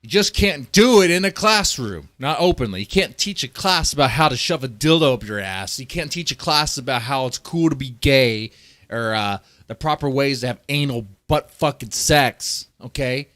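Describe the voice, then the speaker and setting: A man streaming heated political commentary, his voice swinging widely from low grumbles to sharp angry jumps. He swears constantly and breaks off to read articles aloud. His voice sits at an ordinary middle pitch. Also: lively intonation, normal speed, dry recording. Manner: profane, heated, swearing often; reads articles aloud between outbursts. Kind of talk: ranting commentary.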